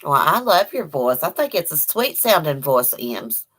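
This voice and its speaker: This Eastern Kentucky woman has an Appalachian accent and a low, sing-song voice with a breathy edge, and she takes her time. Hosting a casual livestream from home, she chats in a folksy way, reads out viewer comments, laughs a lot, and talks to her dog.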